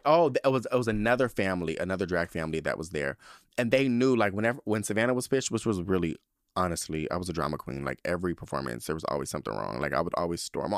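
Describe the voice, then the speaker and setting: A podcast host in his thirties, speaking in a mid-range voice, tells a story in a casual monologue recorded dry with studio quality. His delivery is sassy, animated and campy, full of drag-queen banter and plenty of swearing.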